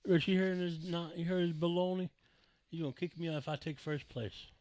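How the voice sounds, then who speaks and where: A man co-hosting a casual podcast, teasing and needling the others with quick jabs. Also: on the high side, steady tone, a little mellow, poor audio. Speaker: podcast co-host.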